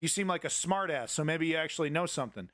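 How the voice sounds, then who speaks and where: A man's voice: a little high, lively intonation, quick pace, fairly bright tone, no room sound, clean studio sound. A young man hosting a live political news stream, talking to his chat in a blunt, profane, confrontational way.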